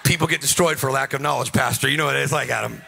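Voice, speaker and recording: A man's voice: mid-range voice, quick pace, gravelly, sharp tone, slight background noise. A man preaching a rousing, joking sermon at a conference, with a sing-song delivery and frequent calls to the crowd. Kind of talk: energetic sermon. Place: conference stage.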